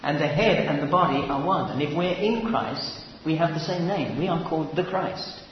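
A male preacher teaches scripture in a measured, explanatory way and repeats key words for emphasis. His voice rings out through a large hall with a long echo. The recording sounds dull and slightly muffled, with a faint hiss underneath. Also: a little high, lively intonation. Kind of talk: expository Bible teaching.

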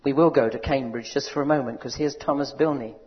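A man preaching a sermon, building to loud rousing cries and asking his audience questions. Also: mid-range voice, fairly even intonation, quick pace. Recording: dull recording in a large reverberant hall.

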